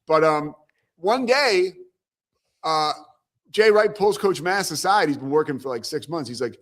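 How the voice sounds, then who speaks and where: A man's voice: a little high, moderate pace, long pauses. A man hosting a sports talk show, chatting casually and telling stories with acted-out quotes. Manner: animated storyteller, acts out quotes. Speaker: show host. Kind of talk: casual sports radio chat.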